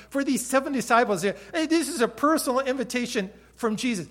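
A man preaching a sermon who retells the story vividly, swinging between loud emphasis and quiet moments. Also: very high-pitched, expressive, a little fast, hardly any pauses. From Hawaii. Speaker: pastor.

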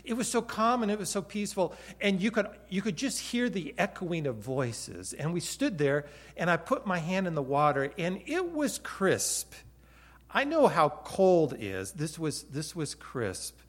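A man preaching a sermon who retells the story vividly, swinging between loud emphasis and quiet moments. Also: high voice, very animated, measured pace, breathy edge. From Hawaii. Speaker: pastor.

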